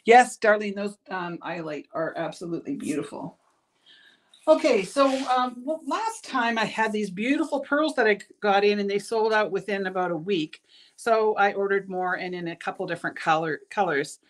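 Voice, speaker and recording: A middle-aged Canadian bead shop owner hosts a casual live product show of her beads, sounding tired and stumbling over her words as she chats. Her voice is mid-range at a normal speed.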